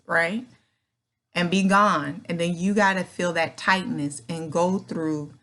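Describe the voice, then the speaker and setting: A middle-aged woman hosts her own channel, talking casually to camera with earnest, encouraging advice in a folksy style, frequently adding "right?". Her voice is on the low side and a bit bright.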